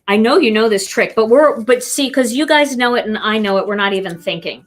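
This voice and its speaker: A woman's voice: fairly high pitch, a little fast. Chatty woman demonstrating card stamping. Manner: chatty and playful, talking to viewers while working. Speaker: card-making instructor.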